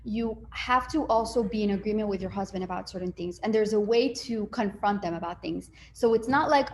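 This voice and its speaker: A woman gives casual relationship coaching, talking freely with lots of fillers and acting out small dialogues along the way. Her voice is medium-pitched and a little mellow at a normal speed, with slight background noise.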